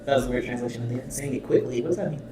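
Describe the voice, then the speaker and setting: A man's voice: medium pitch, steady tone, racing. A man talks through a clip in a loose, laughing reaction style, breaking off from reading subtitles to exclaim and curse. He sits some way from the microphone, so the room rings around his voice. A faint hiss of noise hangs under him. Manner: laughs often, exclaims and swears. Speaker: reaction video host. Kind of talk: casual reaction commentary, reading subtitles aloud. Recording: roomy distant mic with faint noise.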